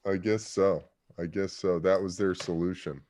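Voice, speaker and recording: A man's voice: low-pitched, fairly even intonation, moderate pace, a little mellow. A man speaking as a guest on a podcast, laid-back and reflective in casual chat.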